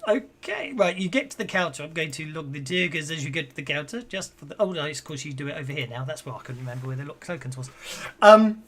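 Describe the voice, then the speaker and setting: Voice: mid-range voice, fast, few pauses, fairly bright tone. Rambling GM, self-correcting narration. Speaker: game master. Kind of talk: narrating a tabletop game.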